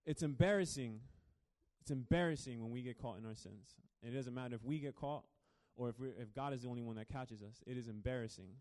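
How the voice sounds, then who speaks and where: A man preaching a sermon as a pastor, telling the story dramatically and swinging between hushed and loud. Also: medium pitch, quick pace.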